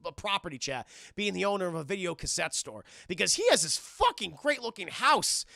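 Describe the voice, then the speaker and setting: Streamer, male, high gravelly voice, bright tone, profane animated film recap to chat. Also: brisk, no room sound, studio quality. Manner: animated, profane, acts out characters' lines in silly voices. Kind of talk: casual scene-by-scene film recap to live chat.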